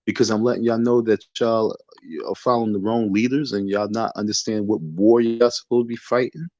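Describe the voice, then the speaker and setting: A man with a lowish voice delivers a defiant, preachy livestream rant, circling back over the same phrases like a sermon. He talks into a phone from his bedroom. The sound is dull and lo-fi, with a close, dry feel and no room echo. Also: fairly even intonation, brisk, darkish tone. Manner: repetitive, defiant, sermon-like lecturing. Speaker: livestream host. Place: bedroom in the dark.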